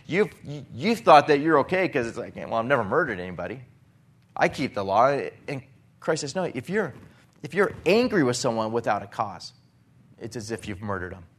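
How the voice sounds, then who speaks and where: A man preaching a sermon, earnest and building to emphatic peaks when he quotes scripture. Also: mid-range voice.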